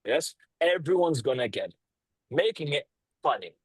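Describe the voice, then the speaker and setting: Guy coaching sales over a video call, swears a lot, husky voice, really dry sound, lots of pauses and punchy emphasis. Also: a little high, no room sound, rough recording. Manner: blunt, swears freely, lively tonality with pauses and emphasis.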